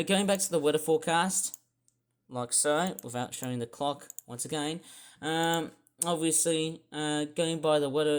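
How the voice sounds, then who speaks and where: A man vlogging casual weather commentary over forecast charts, rambling and correcting himself as he goes. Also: fairly high pitch. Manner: rambling, self-correcting, grumbling.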